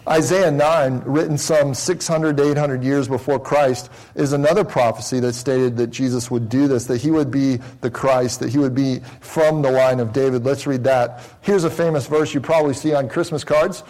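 A man preaching a Bible-teaching sermon in an explanatory way. He often asks his listeners rhetorical questions and slows down and grows softer on key phrases. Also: medium pitch, fairly even intonation, poor audio. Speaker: pastor.

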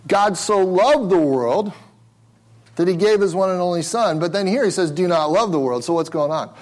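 A male pastor preaching a sermon with emphasis, asking questions and repeating words as he restarts. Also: on the high side.

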